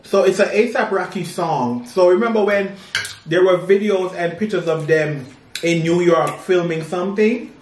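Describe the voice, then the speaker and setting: A man's voice: sits high, measured pace. A man co-hosting a casual chat over a meal, gossipy and chatty, often calling listeners "girl". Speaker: co-host. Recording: echoey room, distant mic, faint noise.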